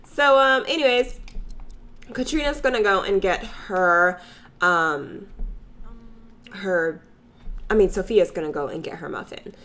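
A woman's voice: mid-range voice, unhurried, long pauses. A woman giving sassy, joking commentary while playing a life-sim video game. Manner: sassy, animated, slangy and joking. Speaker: let's play gamer.

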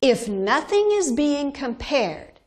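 A woman teaching grammar to learners, explaining slowly and deliberately, spelling out letters and repeating words. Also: sits high, big pitch swings, a little mellow. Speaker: English teacher. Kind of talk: slow, deliberate classroom explanation.

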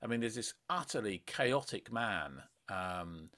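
A man with a fairly low voice reflects on a Bible story in casual conversation. He often hesitates with "um" and "I think" and agrees readily with his co-host. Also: lively intonation, a little slow, fairly bright tone. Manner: reflective, with fillers and agreeing interjections. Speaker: podcast co-host. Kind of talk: casual discussion of a Bible passage.

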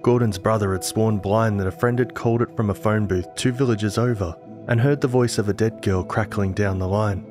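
A man giving a scripted narration of a horror story in a measured storytelling manner. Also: lowish voice, fairly even intonation. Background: music.

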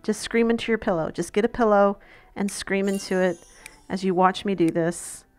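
A woman's voice: mid-range voice, moderate pace, a little mellow, clear, resonant tone, faint music behind. A woman hosting a gaming channel, chatting straight to her viewers in casual game commentary.

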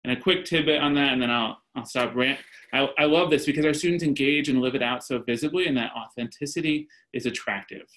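A man's voice: medium pitch, quick pace, a bit bright, poor audio. A man speaking as a panelist, earnest, telling stories and quoting voices, heard over a video call. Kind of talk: panel discussion.

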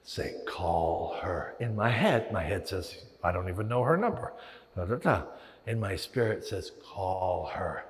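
A man's voice: lowish voice, measured pace, slight background noise. A man preaching a sermon as pastor, telling stories and acting out the voices in his head. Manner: animated storytelling with acted-out inner voices. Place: large church hall. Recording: long reverb of a large hall.

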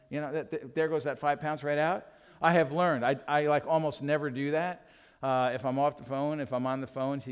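Fairly quick and expressive, a mid-range male voice preaches a sermon. The speaker is a middle-aged pastor who is open and self-mocking as he acts out small talks with his wife, recorded in a church sanctuary with hall reverb.

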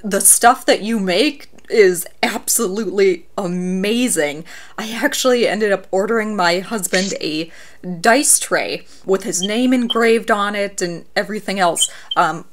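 Friendly, affirming woman interviewer. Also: medium pitch. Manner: friendly and affirming, with frequent "mm-hmm"s. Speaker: interview host. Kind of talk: casual interview talk.

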